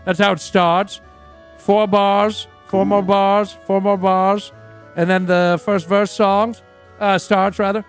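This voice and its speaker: A man's voice: high voice, little pitch movement, slow pace, faint music behind. A man playing a crude, boastful rock singer in a roleplay game, telling a rambling story full of fillers. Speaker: roleplay character. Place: game stream from a dry studio.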